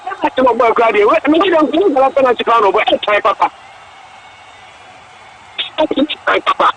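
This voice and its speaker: Excitable high-voiced Ghanaian radio commentator. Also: male voice, racing, husky. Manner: excitable, repetitive exclamations, mixes languages. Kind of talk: excited live match commentary. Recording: dull lo-fi radio broadcast.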